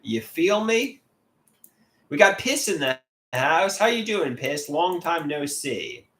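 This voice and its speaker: A man hosting a casual livestream, talking candidly to his viewers and reading their comments aloud. His voice sits a bit high for a man and swings widely up and down as he talks. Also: fairly bright tone. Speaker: livestreamer sharing artwork.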